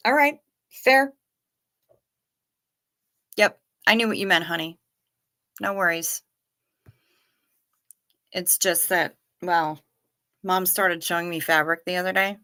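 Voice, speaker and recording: A middle-aged woman hosts a late-night livestream, sleepy and yawning as she chats casually with viewers and reads their comments. Her lowish voice has a sharp tone, and she speaks slowly with frequent pauses.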